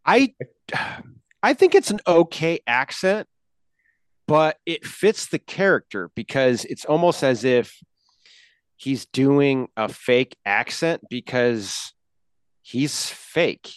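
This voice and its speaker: A man's voice: medium pitch, lively intonation, slow pace, long pauses, clear, resonant tone, no room sound. Thoughtful man with a dry sound. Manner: thoughtful, explaining his view. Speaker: podcast guest. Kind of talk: casual movie discussion.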